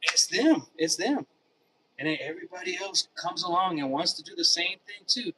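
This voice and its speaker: A man's voice: high-pitched, animated, moderate pace, far from the mic, noisy background. A man vlogging in a casual, rambling monologue. He repeats himself often and calls the listener dude. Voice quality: repetitive, restarts phrases, says "dude".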